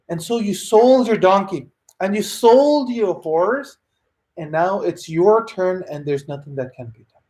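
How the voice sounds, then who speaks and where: A man giving a sermon as a religious teacher, telling a moral story in a lively, conversational way with asides to his listeners. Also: sits high, a little slow.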